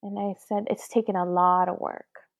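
A woman's voice: medium pitch, flat delivery, normal speed, no room sound, studio quality. A middle-aged woman and mother talking earnestly in a casual conversation, retelling talks with her daughter. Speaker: guest, mother.

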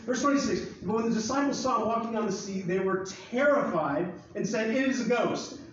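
Pastor, male, high voice, casual jokey sermon delivery, distant mic in a booming room. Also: a little fast, slight background noise. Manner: joking, conversational, acts out Bible scenes. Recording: far-off echoey hall, dull sound.

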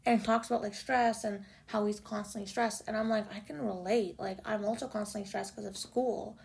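Gushing young woman with vocal fry. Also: medium pitch, fairly even intonation, a little fast, darkish tone. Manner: gushing, chatty fan talk. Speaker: music vlogger. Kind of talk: casual chat.

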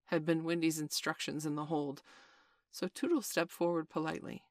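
A woman reading a children's classic aloud in a measured, expressive storytelling manner. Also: deep voice, no echo. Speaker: narrator. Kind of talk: audiobook narration.

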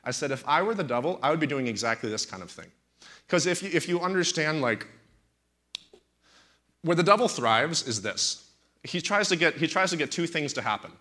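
A man's voice: a little high, animated, fairly quick, bright, forceful tone. A man in his thirties, a pastor preaching in a talk-show setting, telling stories animatedly and with indignant emphasis.

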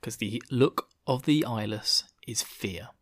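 A man's voice: mid-range voice, takes it slowly. A man recapping a story chapter in a casual, rambling way, with jokes and giggles. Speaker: podcast host.

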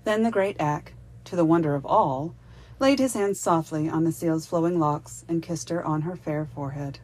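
Woman narrating a fairy-tale audiobook, warm. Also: low-pitched, normal speed. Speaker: audiobook reader. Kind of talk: storybook narration.

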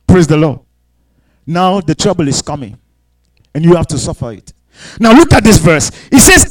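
A man delivers a fervent sermon in a notably high voice. He drops to low, close talk, then lifts scripture into loud, drawn-out proclamations, and he acts out the voices of the people he describes. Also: sing-song, low-quality recording. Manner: fervent, rising to shouted scripture; mock voices of people and God. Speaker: preacher.

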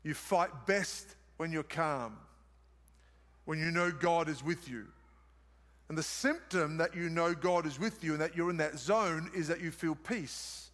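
A man with an Australian accent preaches to his congregation, driving points home with repetition and quick questions to the room. His voice sits fairly high, and the long reverb of a large church hall trails behind every line. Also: a bit bright. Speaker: pastor. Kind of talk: sermon.

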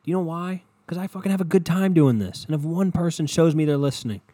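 A man's voice: on the high side, fast, dark tone, dry recording. A young man hosting a solo podcast from his bedroom, rambling and swearing as he builds into impassioned rants. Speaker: podcast host. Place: bedroom at home.

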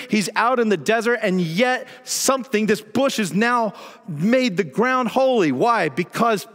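A man preaching a sermon as pastor, telling Bible stories with animated emphasis. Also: high voice. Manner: animated storytelling, voices God and Moses in retellings. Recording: church hall with long reverb.

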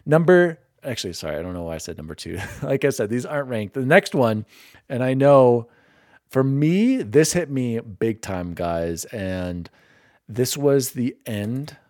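A young man hosting a casual gaming podcast, openly sentimental and quick to laugh at himself. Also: medium pitch, expressive, darkish tone, dry recording, clean studio sound. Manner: emotional, self-deprecating, quick to laugh. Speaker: podcast host.

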